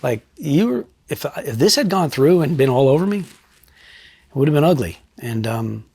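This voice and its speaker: A middle-aged man and retired state trooper, telling his story bluntly in a sit-down interview, swearing freely and pausing to reflect. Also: on the high side, very animated, creaky, a little mellow, slightly rough, dry recording. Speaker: retired state trooper and crime scene investigator.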